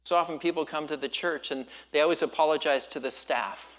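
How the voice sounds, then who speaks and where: A male pastor from Southern California preaching a sermon in a relaxed storytelling way, with surfer slang and quick laughs. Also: fairly high pitch.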